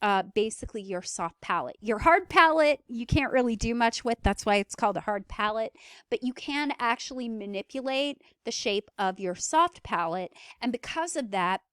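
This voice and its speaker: A woman's voice: fairly high pitch, lively intonation, moderate pace, fairly bright tone, smooth, dry recording. A young adult woman giving a recorded lecture, explaining step by step with casual fillers. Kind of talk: recorded lecture on speech perception.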